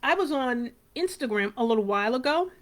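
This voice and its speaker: A woman's voice: high voice, expressive, fairly quick. Chatty woman hosting a hair show. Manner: chatty and rambling, addresses viewers by name. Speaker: hair care show host. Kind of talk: casual live talk to viewers.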